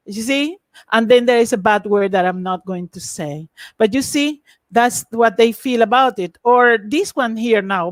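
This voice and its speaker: A woman lecturing in an online academic webinar, lively and emphatic, over a video call. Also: a little high, measured pace, no echo.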